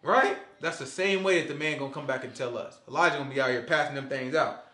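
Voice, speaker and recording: A man's voice: mid-range voice, fast, echoey room. A man giving a casual Sabbath Bible teaching, in a loose, slangy way, often asking "you know what I'm saying?" and acting out quoted voices. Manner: animated, acts out quoted voices and laughs along.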